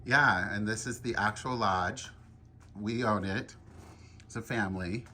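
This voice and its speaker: A man's voice: on the low side, measured pace, pushed and bright. A man showing his family's lodge and playfully prompting his mother to tell a story. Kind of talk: casual vlog. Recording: faint background noise.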